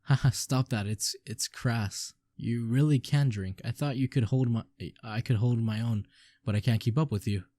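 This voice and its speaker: A man's voice: mid-range voice, moderate pace, warm tone, no room sound, lightly acted. Drunk jolly young wanderer guy, rambly and giggly, a man reading it, dry close sound. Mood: drunk merry.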